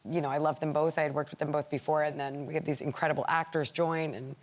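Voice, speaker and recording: A woman with a low voice speaks as a chat show guest. She is thoughtful and halting, often restarting her sentences. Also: flat delivery. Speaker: actress and producer.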